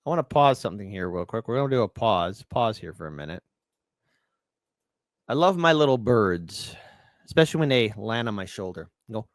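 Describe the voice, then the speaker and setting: A man hosts a commentary show in a playful, riffing way. His voice is bright and forceful, and it swings widely in pitch. The sound is dry and close. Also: expressive, a little fast, no room sound. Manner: playful, riffing, shout-outs to fans. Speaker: show host. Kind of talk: casual political commentary.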